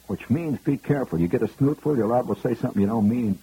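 Brief: husky male monologist, mellow low voice, wry and rambling. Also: fast talker, no echo, highs cut off. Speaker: radio monologist. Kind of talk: comic storytelling monologue.

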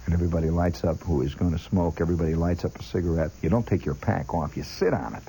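A man's voice: low voice, quick pace, dark tone, slight background noise, poor audio. A man telling a long personal story as a chatty monologue, talking straight to the listener and mimicking sounds along the way. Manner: chatty, addresses the listener directly; imitates sounds with his voice.

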